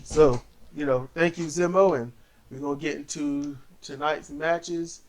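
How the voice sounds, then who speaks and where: A man casually recapping wrestling matches as a co-host, telling it in an animated way and acting out the wrestlers. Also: unhurried. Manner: animated storyteller, acts out wrestlers in high voices.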